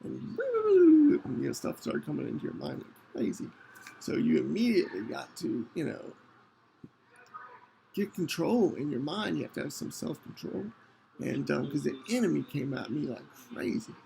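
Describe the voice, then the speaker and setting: A man hosting a podcast, telling a personal story in an earnest, halting way with many restarts. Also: a little high, huge pitch swings, vocal fry, dark tone, slight background noise, rough recording. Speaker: podcast host.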